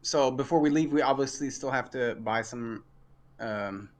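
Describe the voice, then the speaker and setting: Guy playing a tabletop game, polite and measured, mid-pitched voice. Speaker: player.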